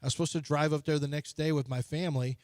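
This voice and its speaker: A man with a slightly high voice rambles through a self-mocking story as a sports radio host. He talks into a studio microphone with a close, dry sound. The talk is loose and casual. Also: fairly even intonation, fast talker, darkish tone, no echo.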